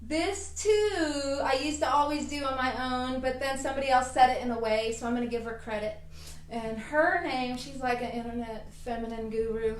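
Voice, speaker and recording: A woman's voice: high-pitched, moderate pace, a little hiss or hum. A woman hosting a self-help vlog, giving casual, enthusiastic advice in a chatty manner. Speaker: herbalist vlog host. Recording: roomy, distant mic.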